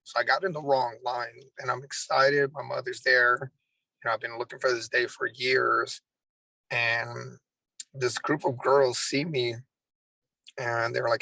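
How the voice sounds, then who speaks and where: A man's voice: medium pitch, flat delivery, measured pace, gravelly, bright, forceful tone, no room sound, low-quality recording. A man, a Marine drill instructor, earnestly telling a personal story in an interview, with many restarts.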